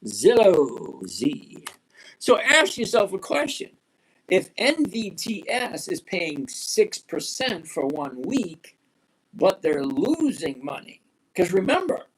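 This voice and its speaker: A man in his sixties hosting a live stock-trading chat, blunt and emphatic, repeating key points slowly. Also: high-pitched, wildly swooping pitch, slightly rough. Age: 60s. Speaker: livestream host.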